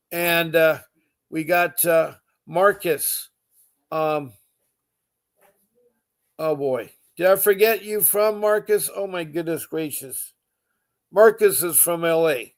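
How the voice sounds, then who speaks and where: A man hosts a live podcast in a slightly higher voice. He talks earnestly and with feeling, repeats words for emphasis and stops to greet his viewers. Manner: emotional, repetitive, earnest. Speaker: podcast host.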